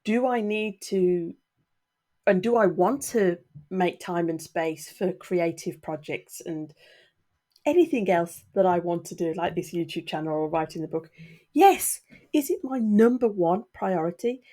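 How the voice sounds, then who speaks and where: A woman's voice: lowish voice, lively intonation, a little slow, warm tone. A middle-aged woman vlogging candidly to her viewers, earnest and getting emotional, a little sniffly. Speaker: YouTuber. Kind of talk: candid talk to camera.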